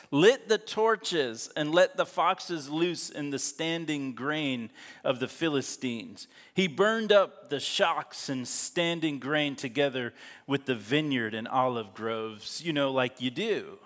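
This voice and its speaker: Pastor, casual and jokey, slightly high voice, long church reverb. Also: male voice, slow pace, a bit bright. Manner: joking, laughing asides while reading scripture. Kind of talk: sermon. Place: church sanctuary.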